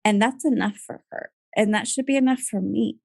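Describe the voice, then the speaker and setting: Soft-spoken woman in her 30s telling a family story, laughs through tears, dry sound. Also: on the high side, normal speed, vocal fry, no room sound. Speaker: podcast guest. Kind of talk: emotional personal storytelling.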